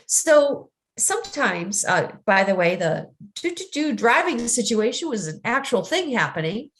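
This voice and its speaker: Woman coach, middle-aged, unhurried and earnest, slightly high voice, plays out little scenes. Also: very animated. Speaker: ADHD coach. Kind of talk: recorded teaching talk.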